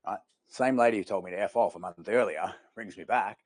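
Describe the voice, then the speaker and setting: A man's voice: low-pitched, very fast, a little hiss or hum. A man running a recruitment sales workshop, telling stories energetically to the room. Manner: energetic storyteller, addresses the room. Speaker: sales trainer. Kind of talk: training workshop talk.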